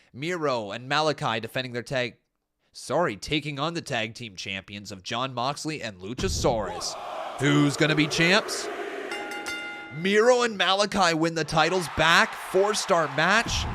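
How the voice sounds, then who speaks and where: A young man casually commentating on a wrestling video game, excitable and jokey. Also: mid-range voice, background noise. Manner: excitable, jokey, breaks into chants. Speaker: gaming streamer.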